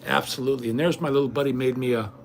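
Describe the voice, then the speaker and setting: A man's voice: medium pitch, fairly even intonation, rapid-fire, creaky, slight background noise. A middle-aged man talking casually at home in a vlog, indignant and rambling. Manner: indignant, ranting. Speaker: vlogger.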